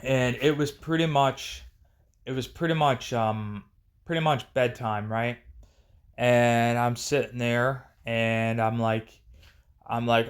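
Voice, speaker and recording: A man's voice: medium pitch, steady tone, slow pace, clean tone. A man telling a personal story casually on a vlog, rambling with many restarts and fillers. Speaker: storyteller vlogger.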